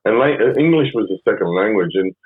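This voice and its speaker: A deep, husky Australian man in his fifties tells his story in a loose, swearing, rambling way. His voice sounds dry and close, with no room around it, and the recording has a narrow, phone-like sound. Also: lively intonation, a little fast, dry recording. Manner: rambling, profane, frequent ums. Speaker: podcast guest. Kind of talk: casual storytelling interview. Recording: phone-like band-limited sound.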